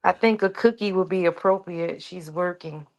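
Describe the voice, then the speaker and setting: A woman's voice: lowish voice, normal speed, low-quality recording. A woman co-hosting a casual livestream chat, agreeing and chiming in.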